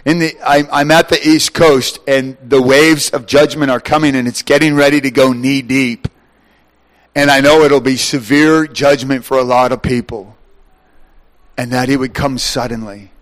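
A man in his thirties preaching a lively sermon, swinging between quiet storytelling and loud exclamations. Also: mid-range voice, normal speed.

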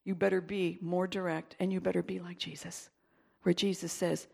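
A woman pastor preaching a sermon and leading prayer, emphatic, dropping to whispers and rising to loud exclaiming. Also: fairly low pitch, level tone, normal speed, vocal fry, husky.

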